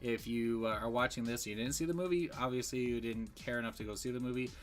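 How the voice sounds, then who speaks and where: A man's voice: medium pitch, quick pace, soft background music. A man giving a casual, rambling movie review, full of fillers and restarts.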